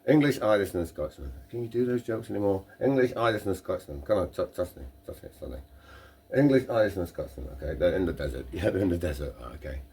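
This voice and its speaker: Low-voiced man telling a rambling joke. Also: expressive, fast, darkish tone, breathy edge. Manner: rambling, with playful back-and-forth interruptions. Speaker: podcast host. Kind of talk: casual banter telling a joke.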